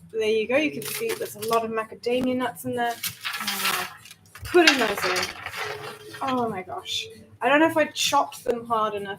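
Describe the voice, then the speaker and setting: A woman's voice: a little high, background noise. A woman chatting to viewers while baking, flustered, nervous and self-mocking. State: nervous and overheated. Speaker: vlogger baking on stream. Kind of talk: casual chat while cooking.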